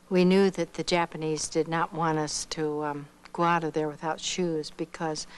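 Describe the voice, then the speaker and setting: With a fairly low voice on a rough recording, this older Iowa missionary recounts her life story as testimony. She brings in other people's words by acting them out in animated voices.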